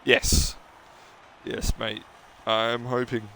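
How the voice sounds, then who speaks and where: A young man calling an online car race, bantering loosely with the drivers and the chat. He talks at an unhurried pace in a middle pitch. A faint hiss of noise sits under his voice. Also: flat delivery, vocal fry, pushed and bright. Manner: casual and joking, chats to viewers and drivers. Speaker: race commentator. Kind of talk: sim racing live stream commentary.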